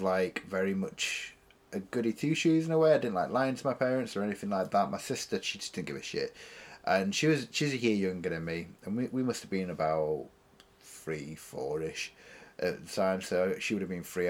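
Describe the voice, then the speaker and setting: A young man in casual chat, rambling through stories with many fillers and getting loud when excited. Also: low voice. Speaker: podcast co-host.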